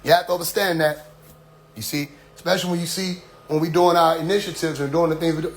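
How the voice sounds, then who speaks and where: A middle-aged man giving a casual, preachy spoken address to his followers, often asking "you see?" and dropping into quiet asides. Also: fairly high pitch, fast talker. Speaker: community leader addressing followers.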